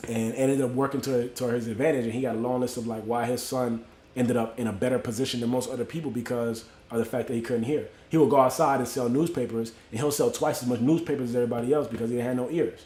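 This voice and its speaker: A man's voice: medium pitch, fairly even intonation, quick pace, warm tone, reverberant. A man from Miami hosting a livestream, telling a motivational story in loose, slangy street talk and greeting viewers by name. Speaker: livestream host.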